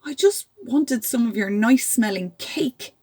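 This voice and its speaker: A woman's voice: fairly high pitch, expressive, a little slow, a little mellow, husky, dry recording, clean studio sound, exaggerated voice. A woman voicing a hungry wolf who pleads and apologises for stealing. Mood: pleading. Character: sorry, hungry wolf caught thieving.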